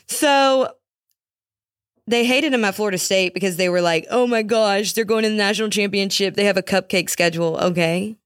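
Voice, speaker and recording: A woman's voice: medium pitch, normal speed, no room sound, clean studio sound. A young woman hosting a casual solo podcast, ranting with sarcastic, mocking asides. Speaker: podcast host.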